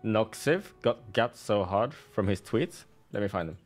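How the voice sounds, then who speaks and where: A man's voice: on the low side, animated, unhurried, faint music behind. A man streaming a game, giving casual, sarcastic commentary with a salty edge.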